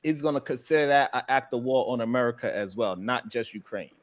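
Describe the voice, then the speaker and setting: A man's voice: medium pitch, fairly quick. A man hosting a casual live-stream chat show, rambling and telling stories with many restarts. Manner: rambling, animated, storytelling. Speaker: host.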